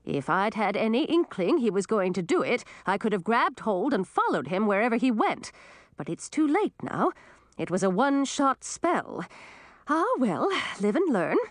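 Shrewd witch, brisk, higher and lively, as a woman reads her, storybook. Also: no room sound, studio quality. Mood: musing. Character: practical witch, matter-of-fact and shrewd.

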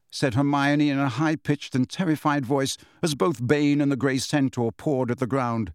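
A man reading a novel aloud as an audiobook narrator in an even storytelling manner. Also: medium pitch, moderate pace, hardly any pauses, no echo, studio quality. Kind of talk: scripted narration.

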